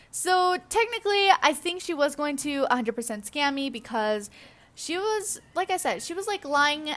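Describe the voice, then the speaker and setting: A woman's voice: high voice, bright, forceful tone. A young woman chatting casually over gameplay footage, telling a story with lots of fillers and restarts. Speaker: gaming YouTuber.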